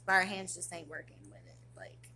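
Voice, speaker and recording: A woman's voice: fairly low pitch, big pitch swings, brisk, noisy background. A woman vlogging in a rambling, slangy, casual chat to camera.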